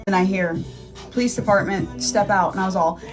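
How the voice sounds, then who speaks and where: A woman telling a personal story in a casual, animated way, acting out the people in it. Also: mid-range voice, fairly quick, over loud music. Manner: animated, acts out voices.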